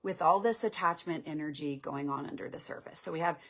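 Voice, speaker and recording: A woman's voice: sits low, a little fast. A woman relationship coach explaining on a live stream in a conversational way, often checking in with "right?". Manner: conversational, acts out couples' lines, checks in with "right?".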